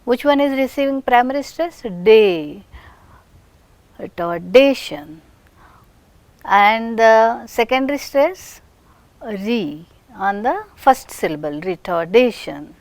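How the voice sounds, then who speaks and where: Woman teacher going real slow, stretching out example words, kinda high voice. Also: animated, darkish tone, no echo. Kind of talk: recorded phonetics lesson.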